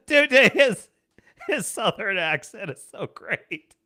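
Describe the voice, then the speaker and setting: A man hosting a livestream show, chatting casually in a rambling, animated way and laughing often. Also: high-pitched, slow.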